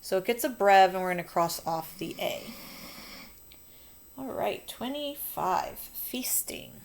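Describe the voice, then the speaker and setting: A woman's voice: mid-range voice, lively intonation, a little slow, a little hiss or hum. A woman teacher talking students through a phonics coding lesson, patient and encouraging.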